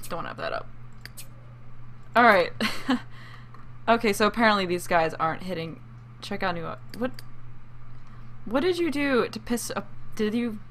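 A woman's voice: mid-range voice, lively intonation, a little slow, long pauses, a bit bright, a little hiss or hum. A woman casually commentating her life-simulation gameplay, chatting to viewers and breaking into fits of laughter. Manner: chatty, giggly, talks to viewers. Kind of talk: casual let's-play commentary.

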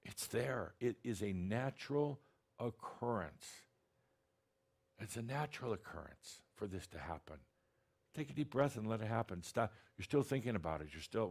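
A man's voice: fairly low pitch, expressive, normal speed, gravelly, a little mellow. A man channeling a spiritual teacher, talking to an audience in a blunt, direct, teasing way with many restarts.

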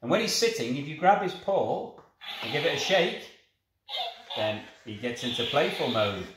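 A man's voice: mid-range voice, sing-song, moderate pace. Man demoing a toy in an echoey room. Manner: coaxing sing-song talk to the toy, warm praise. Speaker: toy reviewer. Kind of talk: toy demonstration and review. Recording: echoey room with clear background noise.

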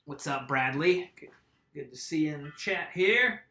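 A man's voice: on the high side, expressive, moderate pace, sharp tone. A man casually chatting on a live stream while working on his bike, rambling and answering viewers' comments. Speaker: mountain bike vlogger. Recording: roomy echo.

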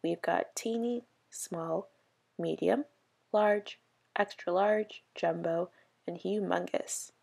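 A woman reading the lines of an eager, worried young girl from a storybook in her own gravelly, husky voice. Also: fairly low pitch, slow, a little mellow, full character voice.

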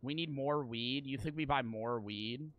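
This young man streams a video game at a slightly slow pace, his medium-pitched voice carried on a lo-fi recording with a bit of background noise. Loud and profane, he chats with viewers and laughs a lot in casual let's-play commentary.

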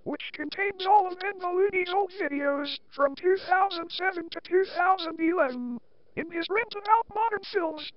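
A text-to-speech voice set to a woman, sitting extremely high and reading commentary in a flat, mocking way. The sound is dull and lo-fi, as if squeezed through a cheap output. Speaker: commentary host.

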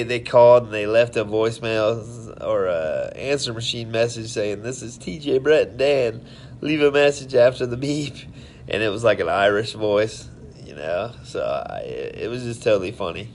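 Laid-back low-voiced man chatting. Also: a little hiss or hum. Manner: rambling, friendly, tipsy storytelling. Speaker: live-stream host. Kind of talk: casual live-stream chat with viewers.

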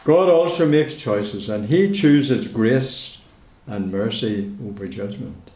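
A man preaching a sermon in a church, measured and repeating key phrases for emphasis. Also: mid-range voice, mellow. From Northern Ireland. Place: church hall. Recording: echoey church hall.

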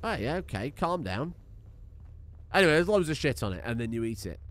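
A man's voice: mid-range voice, sing-song, brisk, fairly bright tone. A man giving casual, jokey, rambling gameplay commentary as a streamer, swearing freely.

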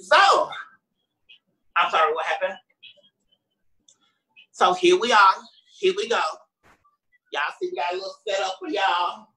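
A woman emceeing a live-streamed event, teasing the audience with sassy, playful banter between welcomes and introductions. Her voice is bright and forceful, in a middle pitch for a woman, and carries the easy confidence of someone working a room. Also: big pitch swings, measured pace, long pauses, rough recording.

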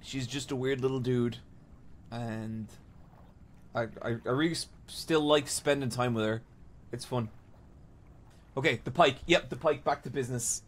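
A man's voice: mid-range voice, a little slow, pauses often. Rambling, self-mocking man hosting a podcast. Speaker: podcast host. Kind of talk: casual chat playing a game.

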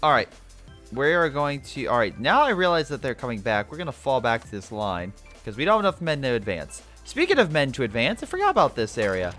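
A man's voice: mid-range voice, a little fast, soft background music. A young man giving casual, sarcastic let's-play commentary on a strategy game, talking to the game as he plays. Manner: excitable, sarcastic, talks to the game. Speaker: gameplay commentator.

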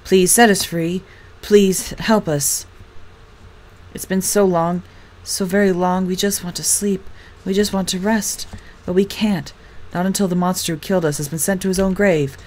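A woman reading the soft, pleading words of weary ghost children in a horror dating game. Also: lowish voice, steady tone, moderate pace, close to an everyday voice. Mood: mournful.

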